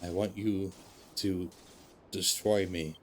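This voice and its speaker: A man voicing a gentle, self-sacrificing male robot as he reads game dialogue aloud, slow and deliberate, with stuttered repeats. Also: sits low, steady tone, slight background noise. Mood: resigned.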